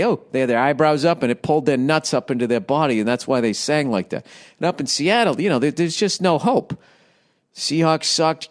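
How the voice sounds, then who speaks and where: A middle-aged man rants through a profane, wandering comedic monologue, talking close to a studio microphone at home. His voice sits a bit higher than most men's, and he keeps breaking into silly voices. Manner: profane, rambling, quick to jump into silly voices. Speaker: podcast host. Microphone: studio microphone with windscreen.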